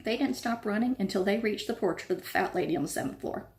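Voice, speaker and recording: A woman reading a novel aloud with lively storytelling. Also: medium pitch, fast talker. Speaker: reader.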